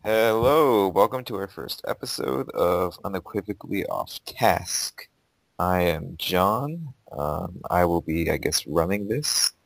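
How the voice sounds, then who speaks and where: Deep-voiced young man hosting a chat. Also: lively intonation, slow pace, gravelly, dry recording, rough recording. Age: young adult. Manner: rambling, lots of "like", laughs easily. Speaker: podcast host. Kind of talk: casual chat.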